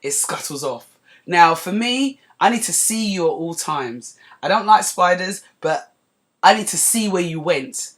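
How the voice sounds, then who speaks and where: A woman hosting a podcast, telling a personal story in a chatty, digressive way that turns animated as she relives it. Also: fairly low pitch, measured pace. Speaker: podcast host. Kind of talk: casual storytelling monologue.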